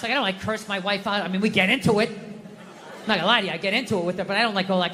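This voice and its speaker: A man's voice: high voice, fairly even intonation, very fast, a bit bright. A middle-aged man doing stand-up comedy, telling exasperated, profane stories and acting out the people in them. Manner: profane, exasperated storytelling with acted-out quotes. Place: live comedy venue. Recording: live reverb hall with faint noise.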